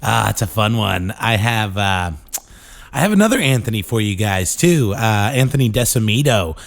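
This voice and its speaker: A man's voice: on the low side, big pitch swings, normal speed, vocal fry. A man hosting a podcast, introducing a clip in a loose, casual way with many fillers. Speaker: podcast host.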